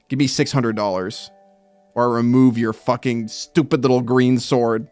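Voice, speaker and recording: A man streaming while he draws, reading viewer comments aloud and breaking into loud mock outrage with swearing. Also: medium pitch, fairly even intonation, fairly quick, dry recording, soft background music. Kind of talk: casual live-stream chat while drawing.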